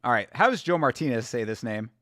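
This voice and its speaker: A man's voice: medium pitch, lively intonation, quick pace, fairly bright tone, no room sound, studio quality. Casual, cursing livestream host, man. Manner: loose, profane, joking, talking to chat. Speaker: watch-along host. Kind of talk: casual livestream chat reacting to fights.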